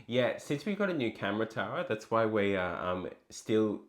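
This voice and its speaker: A woman's voice: a bass voice, sing-song, normal speed. A woman co-hosting a cooking stream in casual, playful chat, laughing often. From Australia.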